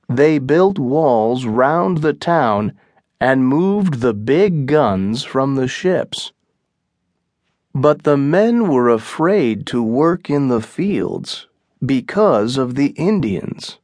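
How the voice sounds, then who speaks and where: Give me a man narrating an audiobook, slow and clear, recorded dry. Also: medium pitch, dry recording. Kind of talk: scripted narration.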